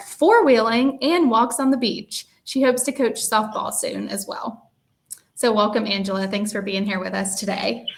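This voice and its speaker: A woman moderating a conference panel, reading out speaker introductions in a friendly, steady, scripted way. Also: on the high side.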